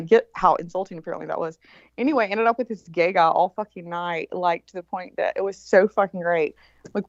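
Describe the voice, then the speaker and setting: A woman's voice: on the low side, no echo. Profane rambling woman storyteller, lo-fi. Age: 40s. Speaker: show producer, co-host. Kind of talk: casual storytelling chat.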